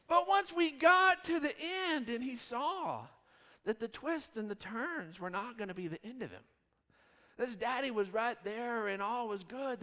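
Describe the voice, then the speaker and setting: A man in his thirties, a pastor telling a rambling, animated story in a sermon. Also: very high voice, a little slow, in a large hall. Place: church hall.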